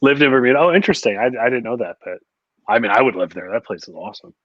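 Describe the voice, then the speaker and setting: A man's voice: medium pitch, animated, rapid-fire, a bit bright, no echo, dull audio. A man chatting casually as podcast host, telling stories and laughing often. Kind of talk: casual chat.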